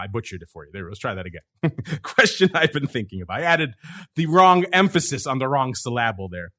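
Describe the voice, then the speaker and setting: Bright-voiced energetic male podcast host. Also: mid-range voice, brisk. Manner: energetic, talkative, reads listener questions aloud. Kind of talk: casual podcast chat.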